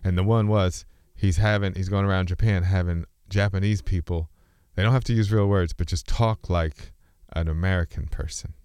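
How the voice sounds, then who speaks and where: A man's voice: sits low, fairly even intonation, moderate pace, darkish tone, smooth, dry recording. A man talking in a casual, rambling monologue to camera, musing aloud and often breaking off mid-thought to restart. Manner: rambling, musing, self-interrupting; switches between speech registers.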